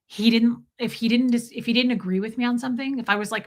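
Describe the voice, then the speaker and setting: A woman's voice: fairly high pitch, fairly even intonation, quick pace. A middle-aged woman hosting a casual livestream, chatting in a rambling way, filling her talk with "like" and greeting commenters by name mid-story. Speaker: livestream host.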